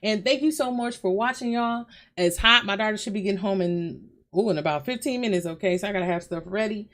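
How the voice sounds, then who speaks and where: A woman's voice: medium pitch, a little fast, fairly bright tone. Chatty woman talking to her viewers. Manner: chatty, loose, addresses viewers as y'all, swears freely. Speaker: reaction video host. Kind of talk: casual chat to viewers. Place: hot bedroom at home.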